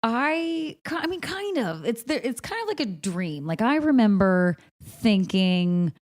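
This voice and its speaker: A woman's voice: a little high, big pitch swings, unhurried. A woman in her thirties, a podcast guest and dance teacher, talking casually with dry, teasing humor. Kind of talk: casual chat.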